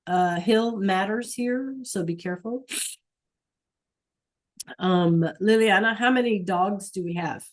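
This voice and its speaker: A woman's voice: mid-range voice, takes it slowly, long pauses. A woman teaching a Spanish class online over a computer mic, patient, checking in often with "okay?" and "right?".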